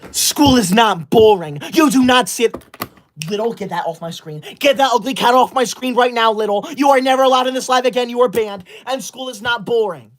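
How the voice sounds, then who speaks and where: A performer playing a self-righteous young livestreamer who loves school, scolding the chat with indignant, sudden shouted outbursts into a close mic. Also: mid-range voice, a little fast, close to an everyday voice. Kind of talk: comedy sketch livestream.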